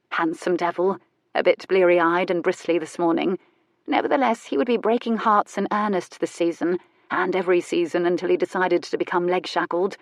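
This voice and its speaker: A woman with a lower-pitched voice reads romance narration in a measured, even way. The recording is dry and close, with no room sound. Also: dry recording. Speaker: audiobook narrator. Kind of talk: scripted audiobook narration.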